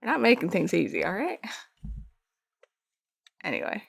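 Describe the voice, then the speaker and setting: A woman's voice: medium pitch, wildly swooping pitch, moderate pace, gravelly, slightly rough, no echo. A young woman chatting casually with her viewers while streaming art from home. She rambles, pokes fun at herself and laughs often. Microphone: streaming microphone.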